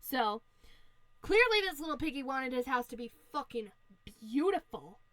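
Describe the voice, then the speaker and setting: A woman's voice: high voice, very animated, normal speed, fairly bright tone, dry recording. A woman podcast host casually retelling a fairy tale in a profane, slangy, playful way. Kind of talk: casual storytelling chat.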